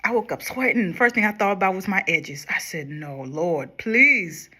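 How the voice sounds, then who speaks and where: Bright-voiced woman chatting through makeup. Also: medium pitch, animated, fairly quick, slightly rough. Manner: chatty, talks to viewers while applying makeup, drops quieter when concentrating. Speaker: makeup vlogger. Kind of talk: casual makeup tutorial chat.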